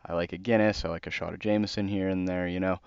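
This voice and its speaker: A man's voice: sits low, steady tone, fast talker, clean tone, no echo. A young American man in casual, earnest commentary on a book, talking conversationally with fillers. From United States. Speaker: host. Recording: dull dry lo-fi recording.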